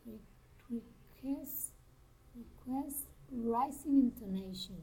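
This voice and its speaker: A woman reading a pronunciation exercise aloud, working through word lists and sample sentences with careful, deliberate intonation. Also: on the high side, lively intonation, a little mellow, a little hiss or hum, poor audio. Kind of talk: slow, careful reading of drill words and sentences.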